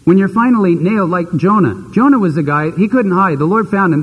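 A man preaching a sermon, retelling scripture in a lively, conversational storytelling manner. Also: high-pitched, fairly quick, husky, lo-fi sound. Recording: long hall reverb.

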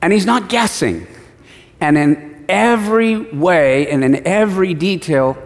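A man's voice: high-pitched, lively intonation, unhurried. Preacher man in a reverberant hall. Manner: asks the congregation questions, acts out short dialogues. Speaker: pastor. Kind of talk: sermon.

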